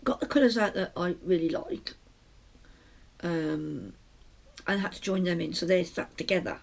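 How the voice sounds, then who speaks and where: A gravelly, husky-voiced British woman chats her way through a crafting update, rambling and stopping to restart her sentences. She talks from a small shut room at home. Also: fairly low pitch, normal speed. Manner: rambling, chatty, self-interrupting. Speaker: podcast host. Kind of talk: casual knitting podcast chat.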